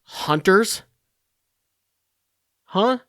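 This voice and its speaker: A man hosting a podcast, ranting alone in a profane, exasperated way with halting restarts. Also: sits high, animated, pushed and bright, no echo, studio quality. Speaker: podcast host. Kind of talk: solo comedic rant.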